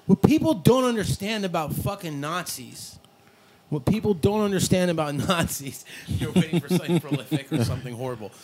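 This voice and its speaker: A man's voice: fairly high pitch, expressive, fairly quick, noisy background. A man hosting a podcast in casual chat, rambling and swearing, laughing often. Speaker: podcast host.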